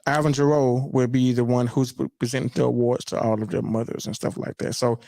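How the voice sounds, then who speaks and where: A man's voice: medium pitch, steady tone, brisk, gravelly, dark tone. A man hosting a podcast, talking loosely in a casual chat with many fillers and restarts. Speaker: podcast host.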